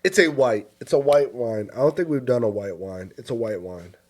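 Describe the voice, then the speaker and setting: A man's voice: mid-range voice, normal speed, a little mellow. A man hosting a casual drinks chat show, joking and teasing his co-hosts. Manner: joking, teasing, hypes up co-host. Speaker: podcast host.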